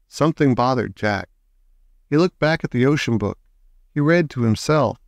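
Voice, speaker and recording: A man reading a children's book aloud in a slow, expressive storytelling manner. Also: mid-range voice, no echo. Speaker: audiobook reader.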